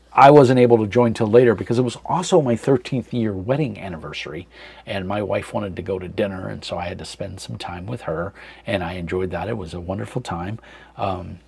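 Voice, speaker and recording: A man in his thirties hosting a casual live chat from a dark room at home, rambling with many fillers and reading chat comments aloud. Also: on the low side, fairly quick, gravelly, husky. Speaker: livestream host.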